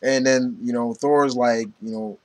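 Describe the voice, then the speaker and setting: A man's voice: mid-range voice, fairly even intonation, unhurried, darkish tone. A man casually reviewing comic books, rambling with many fillers and retelling scenes from the issues. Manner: rambling, lots of "you know" and "um"; retells scenes, quoting characters.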